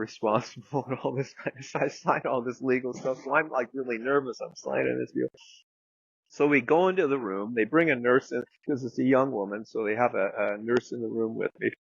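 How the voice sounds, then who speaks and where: Gravelly guy telling a story in a dry room, lots of likes and you-knows. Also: medium pitch, moderate pace, dry recording, highs cut off. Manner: rambling anecdote with many fillers and some swearing. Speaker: guest therapist. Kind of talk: casual storytelling.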